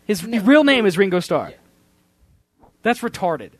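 A young man co-hosting a podcast, joking and bantering excitably in casual chat. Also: sits high, a little slow, dry recording. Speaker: podcast co-host.

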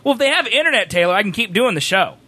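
A young man co-hosts a podcast, speaking rapid-fire in a high-pitched, slightly rough voice. The casual chat is full of rambling jokes, and he comes across as animated. There's no echo.

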